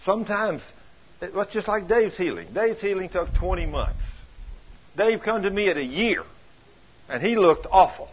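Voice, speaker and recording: An older man preaching a folksy sermon, telling stories with chuckles and plain colloquial grammar, with a husky voice. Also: high voice, animated, normal speed. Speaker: pastor. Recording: dull lo-fi sound.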